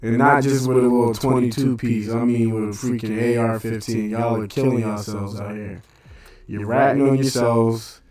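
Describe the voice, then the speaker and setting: A man's voice: mid-range voice, little pitch movement, normal speed, darkish tone, no room sound. A man hosting a radio show, delivering a blunt casual monologue in street slang full of rhetorical questions.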